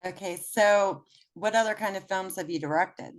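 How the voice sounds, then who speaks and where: A woman's voice: mid-range voice, moderate pace. A woman hosting an interview, asking casual questions and laughing easily. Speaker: interview host.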